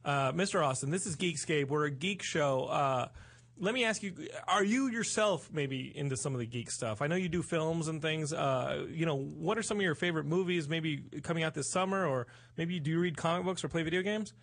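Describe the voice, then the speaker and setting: A man's voice: fairly high pitch, fairly quick, vocal fry, a bit bright. A man hosting a podcast in casual comedic chat, talking in a pleading, stammering, overly polite way. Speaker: podcast host. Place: studio in Los Angeles.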